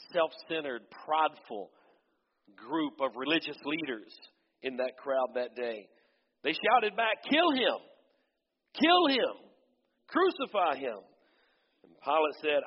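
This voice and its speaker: A man's voice: medium pitch, breathy edge, big-room sound, highs cut off. A man preaching a sermon as pastor, reading scripture dramatically and breaking off for asides to the congregation.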